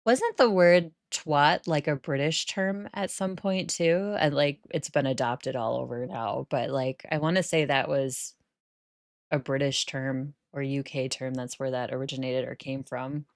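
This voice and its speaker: Low-voiced American woman chatting while gaming. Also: steady tone, normal speed, vocal fry, no room sound, studio quality. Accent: northern US, near Canada. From United States. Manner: chatty, answering chat, laughs often. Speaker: Sims gameplay streamer. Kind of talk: casual chat while playing a game.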